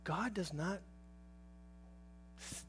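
This man's voice sits high and has a fairly bright tone, and he draws out his words against a faint hiss or hum. His sermon is informal and chatty, full of questions to the audience and frequent chuckles.

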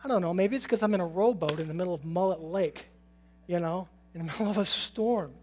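A man's voice: sits high, fairly quick, slight background noise. A man preaching a sermon in an informal, conversational way, putting questions to his listeners and chuckling now and then. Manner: informal, asks the audience questions, chuckles often.

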